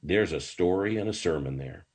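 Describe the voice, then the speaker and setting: An older rabbi recounts stories during a podcast interview, speaking with animation and frequent false starts. His deep, husky voice moves at a moderate pace.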